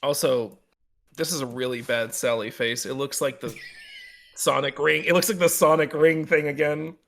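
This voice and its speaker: A high-pitched man rants through a casual podcast chat about comics. He swears freely and his delivery lurches between fast bursts and slow, stressed words. His voice jumps up sharply when he gets worked up. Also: steady tone, gravelly, slight background noise. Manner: heated ranting, swears, swings in loudness and speed. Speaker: podcast co-host.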